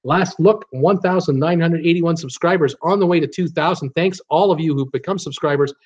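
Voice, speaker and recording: Brief: lively male live-stream host, somewhat high voice, dull lo-fi sound. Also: fairly quick. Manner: animated, reads comments aloud with frequent fillers and laughs. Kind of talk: casual live chat reading viewer comments.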